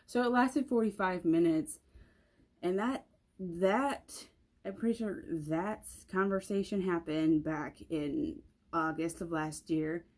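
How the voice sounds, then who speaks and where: A woman's voice: lowish voice, takes it slowly, a little mellow. Young woman rambling through a storytime. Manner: rambling, many "like" fillers and restarts. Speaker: vlogger. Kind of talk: casual storytime vlog.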